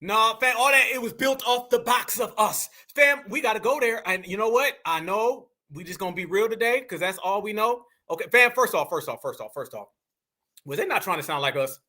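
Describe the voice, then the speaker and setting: An American man with an African American English accent hosts a reaction commentary channel in a high, animated, sharp voice, talking fairly quickly. He's blunt and preachy and calls his viewers family.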